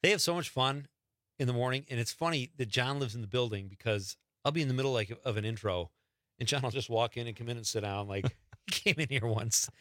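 A man's voice: mid-range voice, a little fast, fairly bright tone, no echo. A man hosting a radio show, chatting loosely and joking with a guest in the studio. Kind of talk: casual radio talk. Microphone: studio microphone.

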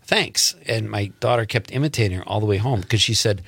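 A man's voice: lowish voice, fast talker, vocal fry, breathy edge, dry recording. A man hosting a podcast, chatting casually with a guest and laughing often. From American Midwest. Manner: laughs often, relaxed interviewer. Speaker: podcast host. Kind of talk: casual chat.

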